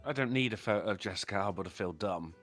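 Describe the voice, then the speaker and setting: A man co-hosting a podcast, tossing in deadpan one-line jabs. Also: lowish voice, fast talker, faint music behind. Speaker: podcast co-host. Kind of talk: dry comedic banter.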